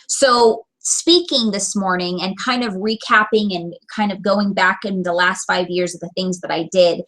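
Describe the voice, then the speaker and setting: Woman vlogger, bright tone, lively storyteller sharing a motivational business anecdote. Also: medium pitch, rough recording. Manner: animated storyteller, acts out quoted voices. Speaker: direct sales business owner.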